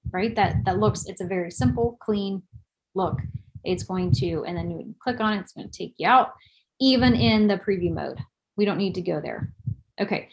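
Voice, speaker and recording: A woman's voice: mid-range voice, low-quality recording. A woman presenting a screen-share webinar tutorial, chatty and self-deprecating, thinking aloud as she clicks through the steps.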